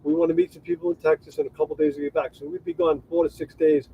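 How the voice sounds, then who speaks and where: A man rambling through a casual livestream chat, his voice a touch high. The sound is thin and phone-like, with a faint hiss under it. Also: wildly swooping pitch, quick pace, creaky. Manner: rambling, restarts sentences, thanks viewers. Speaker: co-host of a travel livestream.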